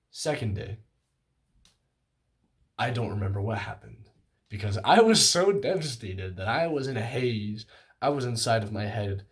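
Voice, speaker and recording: A young man in his late teens or twenties telling a story, casual and self-mocking, with many fillers and some playful exaggeration. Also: on the low side. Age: young adult. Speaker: vlogger.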